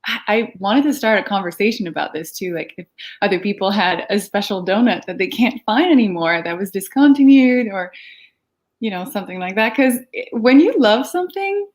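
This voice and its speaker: A woman filmmaker chatting in an interview over a video call, laughing often and filling pauses with ums. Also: mid-range voice, lively intonation. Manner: giggly, lots of ums and laughs. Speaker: filmmaker guest. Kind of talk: casual interview chat.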